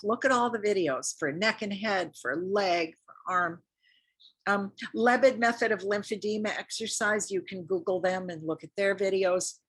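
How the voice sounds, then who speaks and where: Speaking at a moderate pace in a mid-range, fairly bright voice, this older woman lectures on lymphedema at a community health talk. She's chatty and encouraging, and she repeats herself for emphasis in the community center lecture room.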